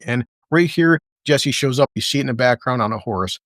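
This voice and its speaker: A man with a medium-pitched, fairly bright voice talks briskly through a TV episode's scenes, blunt and swearing constantly. It's casual, profane reaction commentary, recorded with clean studio sound and no room echo.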